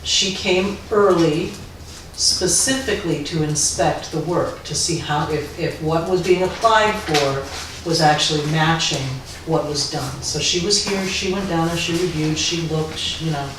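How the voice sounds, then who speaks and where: A low-voiced woman on a library board lays out, step by step, how things were handled, firm and defensive. She sits well back from the camera in a hollow-sounding room, with clear room noise around her. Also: measured pace. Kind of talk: heated board meeting argument. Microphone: distant camera. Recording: echoey room from far off.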